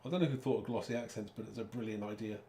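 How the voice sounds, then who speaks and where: Speaking in a lowish, dark-toned voice at a racing pace, this man runs a live card-making demo. He keeps talking to his viewers while he crafts, in an echoey room with a faint hum of noise.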